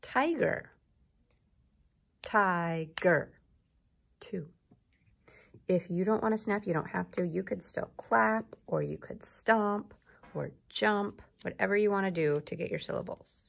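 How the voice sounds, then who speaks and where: A woman teacher giving a slow, encouraging recorded lesson to young children, prompting them to repeat words. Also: mid-range voice, creaky, breathy edge.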